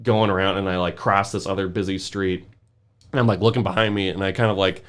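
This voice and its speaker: A young man with a fairly low voice spins a rowdy anecdote on a podcast. He laughs his way through it, tossing "like" into nearly every phrase as he talks. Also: brisk. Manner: animated, laughing, full of "like" fillers. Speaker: podcast guest. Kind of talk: casual storytelling.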